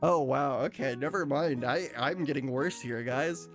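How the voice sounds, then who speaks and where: A man's voice: mid-range voice, measured pace, soft background music. A man streaming casually, chatting with his viewers, laughing often and reading out their messages. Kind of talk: casual live-stream chat.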